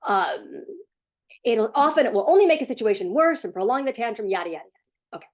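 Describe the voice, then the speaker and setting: A woman parent coach talking casually to the camera in a sarcastic, animated way, sometimes laughing as she speaks. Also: fairly high pitch, a little fast. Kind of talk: casual vlog commentary.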